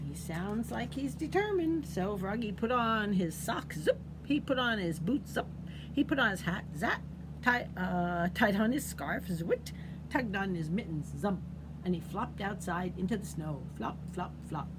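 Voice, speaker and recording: A female children's librarian with a medium-pitched voice reads picture books aloud at storytime at an unhurried pace. She's animated and asks the children questions, with background noise audible.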